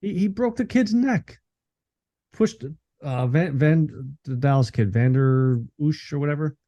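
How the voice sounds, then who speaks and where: Laid-back male co-host, dark mellow voice, muffled lo-fi sound. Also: fairly high pitch, unhurried. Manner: laid-back, brief replies, chuckling. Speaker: podcast co-host. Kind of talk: casual sports talk.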